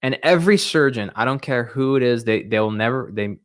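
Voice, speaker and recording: A man's voice: mid-range voice, lively intonation, a little fast. A man explains sales tactics in a casual, emphatic way, often checking in with "right?" and "okay?". He acts out little scenes as he talks, moving around the room, so his voice drifts a bit as he goes. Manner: emphatic, demonstrates with role-play, frequent "right?" and "okay?". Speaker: medical sales coach. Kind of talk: casual instructional talk.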